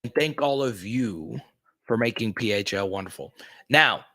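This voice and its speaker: A man hosting a casual livestream, chatting with viewers and greeting them by name with bursts of excitement. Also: fairly low pitch, normal speed, no room sound, clean studio sound. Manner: excitable, greets chatters loudly, many restarts. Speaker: host.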